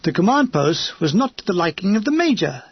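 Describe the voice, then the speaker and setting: Husky, high-voiced male audiobook narrator. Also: very animated, brisk, no room sound, highs cut off. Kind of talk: audiobook reading of a war memoir.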